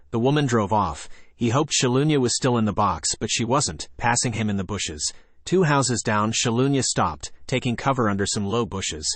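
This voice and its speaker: A man narrating an audiobook story in a steady reading voice, lightly voicing the characters. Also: medium pitch, no echo. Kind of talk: scripted narration.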